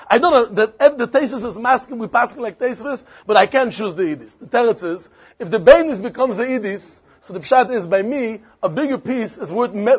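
A man with a Yiddish-inflected accent, giving a Talmud lesson in an animated, repetitive, sing-song way with many questions. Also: very high voice, husky, highs cut off. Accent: Yiddish-inflected English. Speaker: Talmud teacher.

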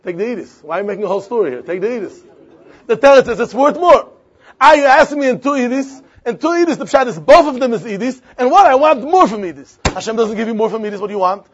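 High-pitched Yiddish-inflected teacher. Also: male voice, fast, husky, highs cut off. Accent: Yiddish-inflected English. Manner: animated, repetitive, sing-song argument with frequent questions. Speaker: Talmud teacher. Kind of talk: Talmudic lesson.

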